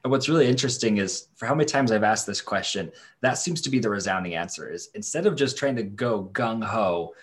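Upbeat lower-voiced male podcast host. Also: expressive, fairly quick, few pauses. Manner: upbeat, hyped, casual. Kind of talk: enthusiastic podcast interview.

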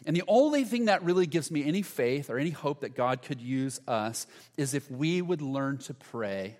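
A man preaching a sermon as pastor, earnest, often restarting phrases and dropping to a soft hush for quoted prayers. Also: medium pitch, moderate pace. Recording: long hall reverb.

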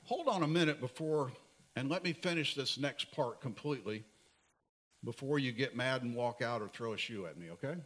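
A man preaching a sermon as pastor, earnest and pleading, at times dropping to soft emphasis. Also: medium pitch, expressive, moderate pace.

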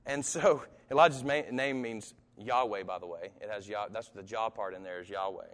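Long hall reverb surrounds a pastor delivering a live sermon, his lowish voice at a moderate pace. He talks to the audience conversationally, now and then rising emphatically or chuckling.

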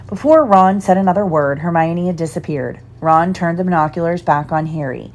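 A woman reading a storybook aloud in an expressive, animated way. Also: fairly low pitch, normal speed, hardly any pauses. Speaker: reader.

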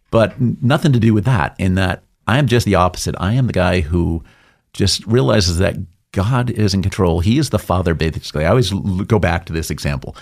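Man, middle-aged, deep voice, gravelly, casual interview guest, joking storyteller. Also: darkish tone. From New England. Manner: jokey storyteller, acts out voices with big jumps. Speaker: interview guest, business owner.

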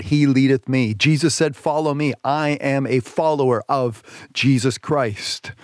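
A man hosting a radio sermon, reading scripture slowly and with emphasis, and asking listeners to repeat lines with him. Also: on the high side, no room sound, studio quality. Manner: emphatic, slows down to stress scripture. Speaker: radio preacher, host.

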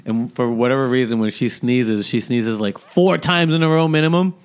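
A man's voice: medium pitch, moderate pace, smooth. A man in his thirties co-hosting a podcast, telling stories in a joking, casual way. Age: 30s. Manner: joking, puts on a mocking street voice. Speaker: podcast co-host. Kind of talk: casual chat.

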